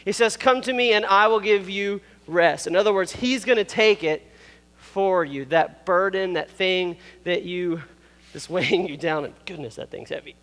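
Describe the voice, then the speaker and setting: Playful high-voiced pastor on stage. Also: male voice, a little slow, fairly bright tone, big-room sound. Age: 30s. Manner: casual and playful, with asides and laughs. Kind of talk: youth sermon. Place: stage in a church hall. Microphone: wearing a microphone.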